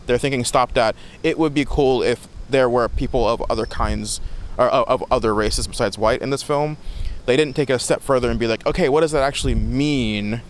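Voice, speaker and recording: A man guesting on a podcast, reviewing a film in lively, expressive casual chat with frequent laughs. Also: medium pitch, fairly quick, a little hiss or hum.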